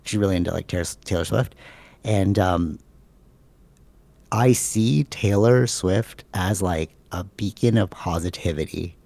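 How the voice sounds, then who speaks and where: A man's voice: sits low, a little slow, creaky, darkish tone, dry recording. A man co-hosting a podcast, chatting casually and rambling, leaning on "like" and "bro". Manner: rambling, filler-heavy, says "like" and "bro" a lot. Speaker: podcast co-host.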